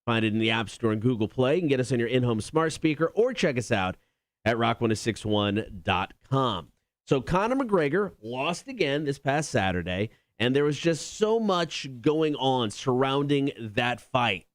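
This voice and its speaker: A man's voice: mid-range voice, very animated, dry recording, clean studio sound. A man co-hosting a morning radio show, running a quiz segment with upbeat announcer delivery. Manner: upbeat announcer delivery, reads quotes slowly. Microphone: studio microphone.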